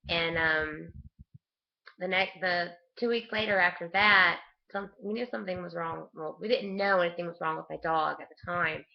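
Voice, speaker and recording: A woman with a lowish, gravelly voice rambles through a family story for her online viewers, laughing often and restarting her sentences. The audio is dull and lo-fi, like a cheap webcam mic. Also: moderate pace. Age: adult with a young son. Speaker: vlogger. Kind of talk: casual storytelling to camera.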